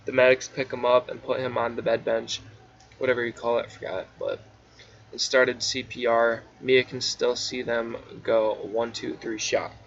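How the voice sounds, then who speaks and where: Man, middle-pitched, casually reads his own story aloud, drowsy with asides; dull lo-fi recording. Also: little pitch movement, normal speed. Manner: offhand, drowsy, stumbles and restarts. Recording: dull lo-fi recording with faint hiss.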